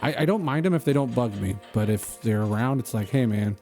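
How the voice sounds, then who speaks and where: Streamer bavard à la voix douce. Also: male voice, mid-range voice, expressive, a little fast, a little mellow, faint music behind. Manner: rambling, joking, easily sidetracked. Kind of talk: casual chat while gaming.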